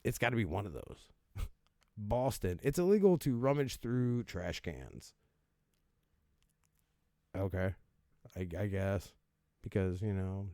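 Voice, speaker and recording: A man's voice: lowish voice, big pitch swings, moderate pace, pauses often, mellow, no room sound, clean studio sound. A man hosting a casual comedic commentary, sarcastic and profane, laughing as he riffs with mock voices. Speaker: host reacting to odd laws.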